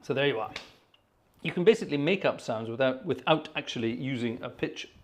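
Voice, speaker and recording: A man's voice: medium pitch, lively intonation, a little fast, a little hiss or hum. Middle-aged male organist host, chatty, rambling, self-deprecating explainer. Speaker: organist and live-stream host. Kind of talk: casual live-stream chat.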